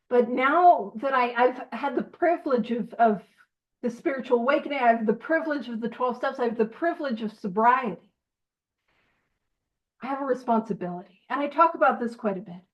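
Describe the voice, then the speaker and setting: A woman leading a recovery Big Book study, reading passages and explaining them in a playful, animated way with self-deprecating asides. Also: high-pitched. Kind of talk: informal recovery-group teaching. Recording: slightly muffled audio.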